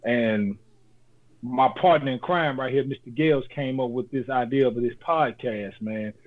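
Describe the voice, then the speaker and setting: A man's voice: mid-range voice, moderate pace. A man co-hosting a casual podcast, talking in a laid-back, joking way and giving motivational advice. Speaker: podcast co-host. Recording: phone-like lo-fi audio.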